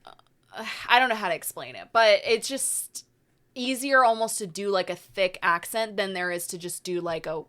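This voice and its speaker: A woman's voice: medium pitch, lively intonation, normal speed, fairly bright tone. A woman from the American Midwest, co-hosting a podcast in casual, rambling conversation. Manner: conversational, trails off mid-thought. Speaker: podcast co-host. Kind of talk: casual chat.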